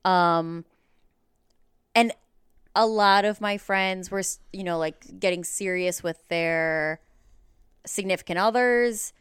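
A woman's voice: fairly low pitch, slow, long pauses, smooth, dry recording, clean studio sound. A woman stand-up comedian as a podcast guest, talking candidly and self-deprecatingly, laughing easily. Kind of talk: casual interview chat.

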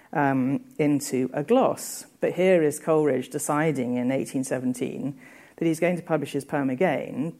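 A woman giving a literature lecture, measured and explanatory, pausing with hesitations and reading verse aloud. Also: sits low, a little mellow. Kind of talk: academic lecture.

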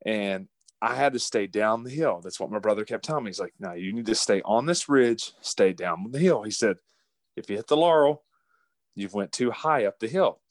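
A man's voice: fairly low pitch, moderate pace, dry recording. Folksy man telling stories. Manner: animated, laughing, folksy storyteller. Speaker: guest. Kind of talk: casual storytelling.

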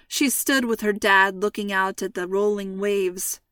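A woman narrates a story with clear, even delivery. Her voice sits at a middle pitch, recorded close and dry. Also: measured pace, few pauses, no room sound, distant mic. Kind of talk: scripted narration.

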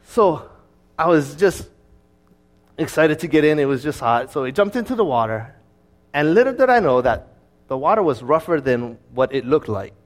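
A man preaching as a pastor, telling a personal story in a conversational, lively way. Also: fairly high pitch, normal speed. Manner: conversational storytelling, with fillers and restarts; lively, acting out his own past words.

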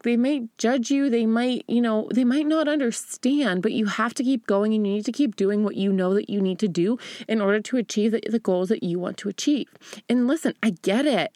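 A woman's voice: on the high side, no echo, studio quality. Upbeat young woman hosting a motivational podcast. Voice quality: casual slang, "stoked", "hella". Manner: upbeat, chatty, addresses listener as "girl", fillers like "right?". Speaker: podcast host.

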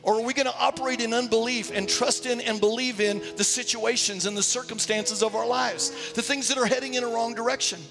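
A pastor preaching to his church, his man's voice sitting high with a gravelly edge. The sound carries a long hall reverb, with faint music underneath. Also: steady tone, fairly quick, few pauses. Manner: preaching, storytelling with acted quotes. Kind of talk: sermon. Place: church sanctuary.

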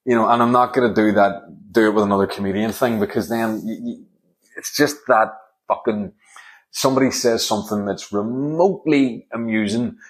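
A man's voice: fairly low pitch, moderate pace. A middle-aged man, hosting a solo comedy podcast in a rambling, sweary, sarcastic monologue.

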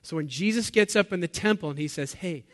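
A man preaching a sermon to his congregation, asking them questions and swinging between loud bursts and quiet, low lines. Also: quick pace. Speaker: pastor.

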